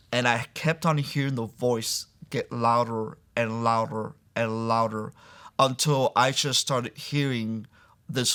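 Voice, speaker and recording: A man recounts his faith testimony in a sit-down interview recorded in a church. He tells it in an earnest, conversational way at a moderate pitch, often leaning on casual fillers as he goes. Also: a bit bright. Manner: earnest storytelling with frequent "like" and "I'm like" fillers. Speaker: guest sharing a faith testimony. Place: church building.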